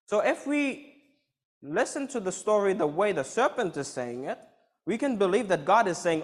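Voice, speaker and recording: A man's voice: high voice, very animated, normal speed. Man preaching a Bible sermon. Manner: explanatory, reads scripture then comments.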